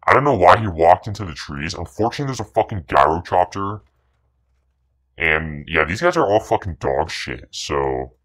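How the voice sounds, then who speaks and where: His voice sits low and a bit bright, with a sing-song lilt at normal speed, as he narrates his own match like a gaming commentator. The commentary is boastful and profane, sneering at opponents and full of repetitive catchphrases.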